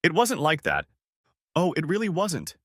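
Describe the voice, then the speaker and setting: A man voicing a tearful, pleading wife in a spoken story, in a soft, pleading way. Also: fairly high pitch, wildly swooping pitch, a little slow, dry recording, clean studio sound, voice pushed up, exaggerated voice.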